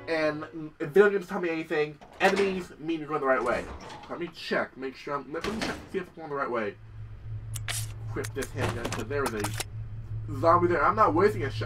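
A man's voice: fairly high pitch, far from the mic, rough recording. A young man giving casual gameplay commentary, swearing and yelping when startled. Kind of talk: casual let's-play commentary.

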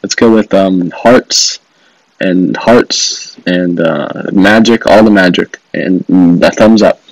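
Low-voiced joking man playing a phone game. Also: slow pace, dry recording, rough recording. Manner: joking, sarcastic, swears, laughs often. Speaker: gaming video host. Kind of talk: playing a mobile game and commenting.

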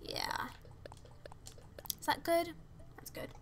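A teenage girl streaming a video game, chatting casually and reacting to viewer messages with excitable, rambling enthusiasm. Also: takes it slowly, slight background noise. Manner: chatty, excitable, reads chat aloud.

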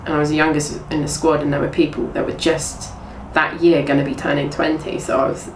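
A young woman from England, a former athlete, tells her story in a chatty, rambling way, full of restarts and reported speech. Her voice sits a little low. The recording is roomy and echoey, with the mic set well back and faint noise behind. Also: level tone, fairly quick, distant mic. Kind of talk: casual storytelling interview.

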